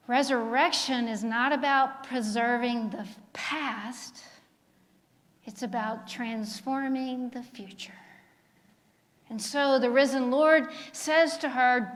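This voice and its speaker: High-voiced woman pastor preaching slow, asking the church questions, big echoey sanctuary. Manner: preaching with call-and-response questions. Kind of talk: sermon. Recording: long reverb of a sanctuary.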